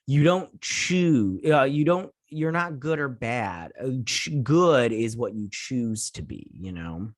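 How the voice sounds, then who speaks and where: A man's voice: mid-range voice, animated, slow pace, few pauses, dry recording, clean studio sound. Rambling man recapping a show. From United States. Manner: rambling, many fillers and restarts. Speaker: host. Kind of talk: casual episode recap.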